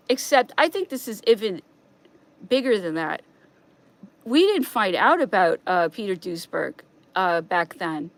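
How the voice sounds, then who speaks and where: A woman streaming a rambling, agitated monologue, repeating herself, swinging between raised outbursts and quiet, hushed stretches. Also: a little high, dry recording.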